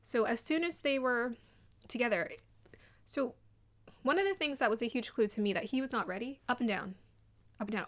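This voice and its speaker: Chatty animated woman commentator. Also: fairly high pitch, moderate pace. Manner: chatty and animated, mimics people in quotes. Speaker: commentator on a dating show. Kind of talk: casual video commentary.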